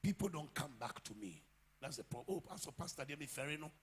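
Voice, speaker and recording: A man with a Ghanaian English accent preaching a sermon as pastor, swinging from quiet asides to loud shouts. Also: a little high, expressive, quick pace, a little hiss or hum. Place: church.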